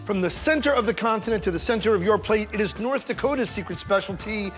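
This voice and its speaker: Playful punning man, high voice, music behind. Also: quick pace, fairly bright tone. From New York. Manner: playful, pun-heavy, showman delivery. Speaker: food show host. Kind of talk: punny scripted food presentation.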